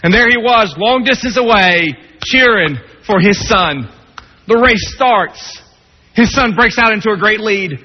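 A man preaching a sermon, telling a story dramatically, dropping low and soft, then rising for emphasis. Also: measured pace. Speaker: pastor. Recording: dull, long-reverb hall sound.

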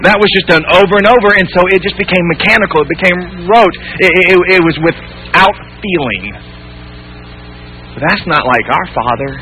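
A male pastor with a high, very bright voice delivers a sermon in church. He swings from loud, pressing emphasis to hushed tenderness and keeps asking the congregation rhetorical questions. A faint mains hum runs under the recording. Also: fairly quick, low-quality recording.

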